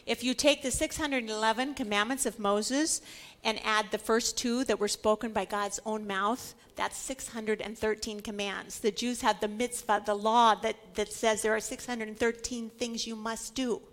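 A woman's voice: on the high side, steady tone, moderate pace, a bit bright. A woman giving an emphatic Bible teaching, repeating words for stress and acting out the voices she quotes.

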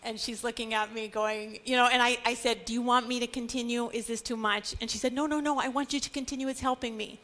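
A woman's voice: on the high side, steady tone, fast, few pauses, fairly bright tone. A middle-aged woman teaching a Bible study, earnest and building to emphatic declarations.

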